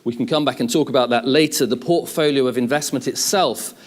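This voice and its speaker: A middle-aged man giving an academic conference talk, lecturing in a measured way with lists and restatements. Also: medium pitch. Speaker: conference speaker.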